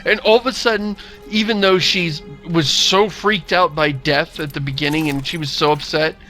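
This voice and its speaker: Male co-host, casual game talk, wry and sardonic, bright tense voice, faint music under. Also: on the high side, fairly even intonation, moderate pace. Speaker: co-host of a game commentary show. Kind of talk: casual gaming commentary chat.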